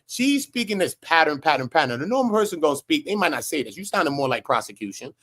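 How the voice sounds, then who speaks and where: A man's voice: on the high side, sing-song, fast, a bit bright. A man on a panel who talks in street slang and acts out what people say. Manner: street talk, acts out quotes. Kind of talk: live panel discussion.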